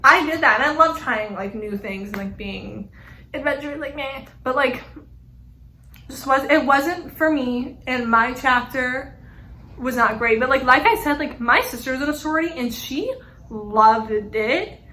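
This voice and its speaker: A woman's voice: high-pitched, unhurried, pushed and bright. A young woman talking to camera in a casual, rambling way, full of fillers and frank asides, with a slight echo from a small room. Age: young adult. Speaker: vlogger. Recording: echoey room.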